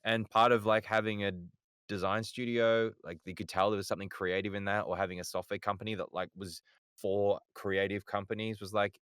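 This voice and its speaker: A man's voice: lowish voice, steady tone, fairly quick, fairly bright tone, clear, resonant tone, no echo, studio quality. A man with an Australian accent, a voice actor guest telling stories in a laid-back, rambling way on a podcast. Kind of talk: casual podcast chat.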